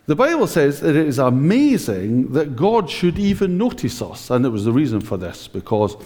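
A man preaching a conversational sermon, speaking directly to the congregation at an unhurried pace. His pitch sits a little high and moves a lot. The voice carries a long church reverb. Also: very animated, a little mellow. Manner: conversational, using a prop, talking directly to the congregation. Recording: echoey church hall.

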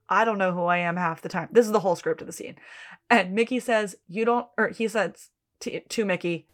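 A woman podcast co-host in casual chat, recapping a TV episode and reading out scene dialogue with plenty of swearing. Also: medium pitch.

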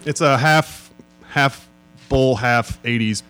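A man guesting on a live comedy podcast, reading joke wrestler names in a deadpan way. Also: mid-range voice, slow, rough recording. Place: live show in front of an audience.

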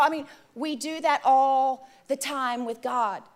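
High-voiced woman telling a sermon story. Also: takes it slowly, few pauses. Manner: animated, addresses the audience directly, conversational. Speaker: preacher.

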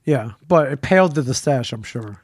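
A man's voice: medium pitch, lively intonation, normal speed, no room sound, clean studio sound. A man co-hosting a podcast, asking questions and joking in casual chat. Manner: teasing, joking, asks lots of questions. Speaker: podcast co-host.

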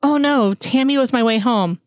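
A woman's voice: fairly high pitch, moderate pace, no room sound, studio quality, voice pushed up, natural voice. A woman reading an audiobook, voicing a bubbly, ditzy young college woman with gushing valley-girl chatter. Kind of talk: audiobook character voice.

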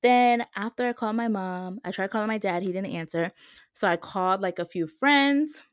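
A young adult woman hosting a podcast and telling a personal story in a casual, chatty way, full of "like" and lively retellings of what others said. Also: medium pitch, moderate pace, no room sound, clean studio sound. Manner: chatty, heavy use of "like", animated when retelling others. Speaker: podcast host.

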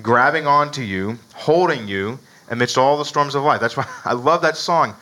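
A man's voice: medium pitch, moderate pace, bright, forceful tone, poor audio. A man preaching a sermon in a conversational way, often asking "right?" and chuckling between points. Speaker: pastor.

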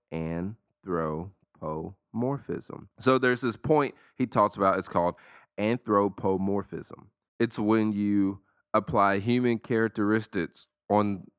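A man hosting a solo podcast, talking in a casual, emphatic, preachy way and slowing down dramatically to stress words. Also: sits low, a bit bright, smooth, no room sound, clean studio sound. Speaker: podcast host.

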